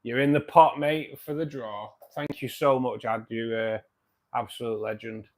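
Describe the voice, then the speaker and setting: A man's voice: medium pitch, fairly even intonation, normal speed. A man in his fifties hosting a casual fish-keeping livestream, chatty and jokey, thanking viewers by name. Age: 50s. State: dry throat. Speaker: livestream host. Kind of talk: casual live chat.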